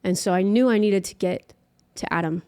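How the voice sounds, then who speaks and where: A woman's voice: medium pitch, moderate pace, a little mellow, clean tone. A young woman, a podcast guest, chatting through a personal story and peppering it with "like". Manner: chatty, heavy use of filler "like".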